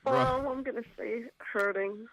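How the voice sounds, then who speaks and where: A woman's voice: on the high side, measured pace, creaky, fairly bright tone, slight background noise. A woman calling into a live show, teasing the hosts bluntly in casual phone-in chat. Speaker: caller.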